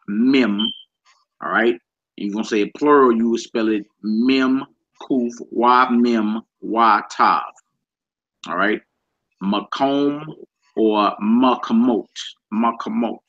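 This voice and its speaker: A man leads a relaxed Hebrew vocabulary lesson, saying each word over and over and spelling it letter by letter. He talks at an unhurried, deliberate pace. The recording sounds dull and lo-fi. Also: on the low side. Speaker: Hebrew teacher.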